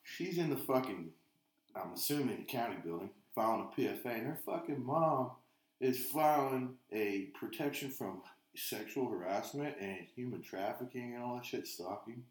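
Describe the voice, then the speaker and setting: A man's voice: medium pitch, expressive, normal speed, reverberant. A man on a podcast, telling rambling stories full of swearing in casual chat. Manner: profane, rambling storyteller. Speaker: podcast co-host.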